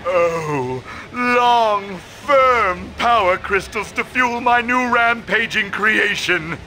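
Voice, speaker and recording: A scheming mad scientist in a video game, sly and falsely sweet. He talks slowly, and his voice is high and sharply bright. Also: a little hiss or hum, full character voice. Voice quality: sly, faux-innocent. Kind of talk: video game cutscene acting.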